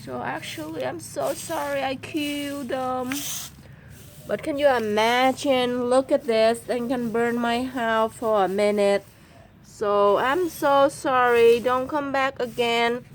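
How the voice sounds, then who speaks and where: A woman talks slowly and unhurriedly in a slightly high voice, filming herself in her yard on a phone. She chats casually in simple, broken English. She keeps apologizing as she goes. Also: fairly even intonation, a little hiss or hum. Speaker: vlogger and mother. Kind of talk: casual vlog chat.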